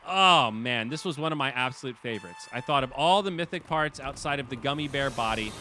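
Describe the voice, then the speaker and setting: A man hosting a game stream, chatting casually and excitably, swearing and laughing at his losses. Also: mid-range voice, brisk, background noise. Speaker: stream host and commentator.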